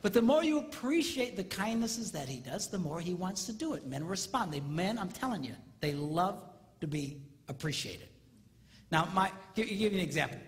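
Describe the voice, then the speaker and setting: In a large hall, a man in his fifties gives a comedic marriage seminar to a live audience, bursting into squealing impressions of women. His voice is high-pitched and sing-song at a moderate pace, and the reverberant recording carries faint noise.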